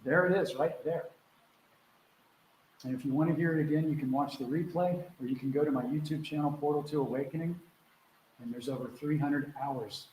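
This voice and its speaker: A man with a high-leaning, darkish voice hosts a live Q&A video call as a spiritual mentor. He talks casually and earnestly, acting out quotes and swearing freely, in an echoey room with faint background noise.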